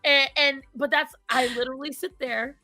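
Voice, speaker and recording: Bright-voiced woman with a Rhode Island accent. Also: sits high, normal speed, dry recording, soft background music. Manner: animated storyteller, swears freely, laughs often. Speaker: podcast co-host. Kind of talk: casual chat.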